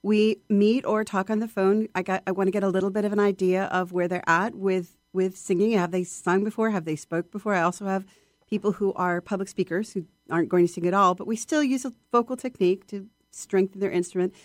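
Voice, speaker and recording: A woman voice coach chatting in an interview, lively and expressive, often acting out her students. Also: medium pitch, fairly quick, no room sound, studio quality. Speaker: voice coach guest. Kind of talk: casual interview chat.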